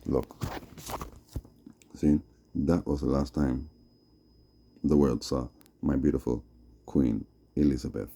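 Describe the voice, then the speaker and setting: A man with a Jamaican accent preaching slowly on a live stream, dropping "see?" and "yeah?" between his lines. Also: extremely low pitch, fairly even intonation, vocal fry, dark tone, husky. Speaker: Rastafari livestreamer. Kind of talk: rambling livestream preaching.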